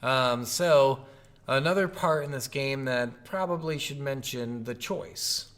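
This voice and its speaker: A man's voice: mid-range voice, takes it slowly, fairly bright tone. A man co-hosting a casual video game review podcast, rambling, swearing freely and acting out quotes. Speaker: podcast co-host.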